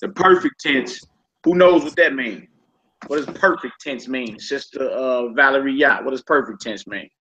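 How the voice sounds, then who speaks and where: Man teaching a relaxed online class. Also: mid-range voice, normal speed. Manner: relaxed, repeats each word aloud, slangy asides. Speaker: Hebrew teacher. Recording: slightly dull lo-fi with faint noise.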